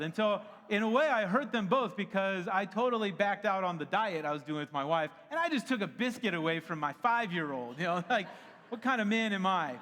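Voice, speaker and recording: A man in his thirties preaching a sermon to a church, in a conversational, animated way that breaks often into laughter. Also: high voice, moderate pace. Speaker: pastor. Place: church auditorium. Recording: long hall reverb.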